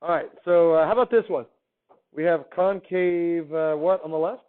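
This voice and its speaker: A man's voice: on the high side, normal speed. Upbeat man teaching a class, phone-quality sound. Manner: upbeat, quizzing students with questions. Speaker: math teacher. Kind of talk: classroom lecture.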